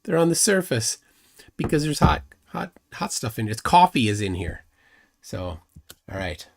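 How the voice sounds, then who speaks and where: A man's voice: mid-range voice, very animated, moderate pace, gravelly. A middle-aged man hosting a live stream, rambling and self-deprecating with many restarts. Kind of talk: casual live commentary.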